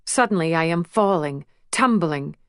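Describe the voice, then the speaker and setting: A woman narrating an audiobook in a measured, emotional first-person reading. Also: on the low side, lively intonation, smooth, no echo, clean studio sound. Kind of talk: scripted narration.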